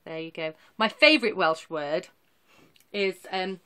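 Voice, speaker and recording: A woman's voice: fairly low pitch, measured pace, sharp tone, clean tone. A woman in her thirties talking casually to camera, showing her cross-stitch projects in a rambling, self-deprecating way. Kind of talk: casual chatty show-and-tell.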